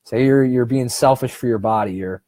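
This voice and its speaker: A man giving a casual self-help seminar on breathing, talking in a conversational, encouraging way, often restarting sentences and slowing down on key points. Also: medium pitch, mellow, no echo. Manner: conversational and encouraging, with frequent restarts and slow, deliberate stretches.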